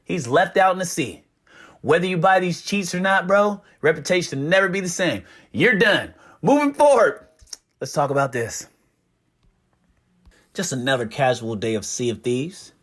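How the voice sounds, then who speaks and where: A man's voice: on the high side, lively intonation, moderate pace, a bit bright. A man hosting hyped gaming drama commentary, emphatic and repeating short tags. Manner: emphatic, repeats "right?" and "problem".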